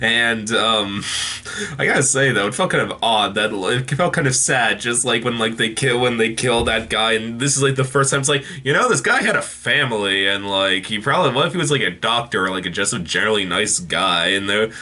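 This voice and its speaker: A man's voice: lowish voice, animated, fairly quick, pushed and bright. A man giving a casual, unscripted TV episode review, rambling with many fillers and restarts.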